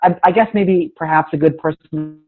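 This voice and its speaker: A man's voice: on the high side, fairly even intonation, normal speed. Man on a tinny call line. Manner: thoughtful, hesitant, with restarts. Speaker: podcast co-host. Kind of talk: casual film discussion.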